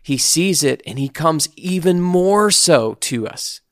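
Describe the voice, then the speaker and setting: A man co-hosting a casual podcast, giving earnest, reflective faith advice at a slow, searching pace. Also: a little high, animated, no room sound, clean studio sound. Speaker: podcast co-host.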